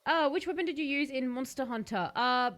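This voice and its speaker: A woman's voice: high voice, fairly quick, a bit bright. A woman streaming a video game, chatting casually with her viewers and laughing often. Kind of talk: casual gaming live-stream commentary.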